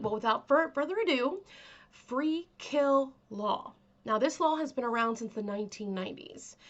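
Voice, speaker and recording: A woman with a stuffy nose hosting her own channel, chatting casually to camera in a soft, rambling way full of fillers. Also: on the high side, muffled recording. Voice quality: aims to sound calming and kind. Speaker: vlog host.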